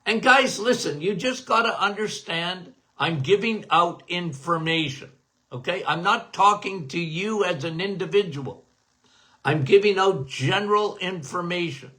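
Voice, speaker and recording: Slow, bright-voiced man repeating himself. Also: high voice, lively intonation. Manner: repeats phrases for emphasis, addresses listeners as guys. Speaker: podcast host, doctor. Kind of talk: casual health Q&A talk.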